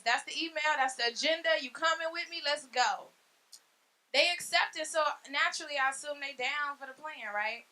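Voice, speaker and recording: A woman in her thirties doing a stand-up comedy set on a club stage, brash and profane with loud punchlines. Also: on the high side, a little fast. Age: 30s. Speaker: stand-up comic.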